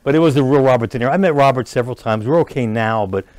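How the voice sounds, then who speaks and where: A man, an actor and comedian, telling animated stories as a guest in a casual studio interview. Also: medium pitch, rapid-fire, no room sound. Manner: animated storyteller who jokes and restarts lines.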